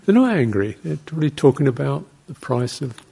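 A monk gives an easygoing dharma talk in a gravelly voice with a husky edge. His delivery wanders from story to story, broken up by quiet chuckles and little voiced reactions. He sits at an average pitch for a man. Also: big pitch swings, a little fast. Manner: anecdotal and digressive, with soft laughs and short acted-out exclamations. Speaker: Buddhist monk teaching meditation.

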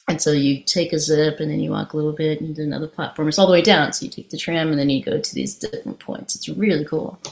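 A woman giving a dharma talk, telling a personal story in a lively way and then turning reflective. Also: on the low side.

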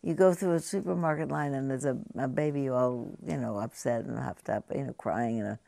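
A woman meditation teacher giving a conversational, halting talk to a group, often turning to ask the audience questions. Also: very deep voice, gravelly, mellow, no echo. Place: meditation hall.

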